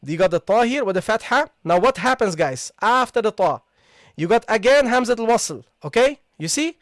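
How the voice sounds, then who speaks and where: A man teaching a live online recitation lesson. He explains step by step, repeats sounds slowly and keeps checking with "okay, guys?". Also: high-pitched, animated, no echo, studio quality.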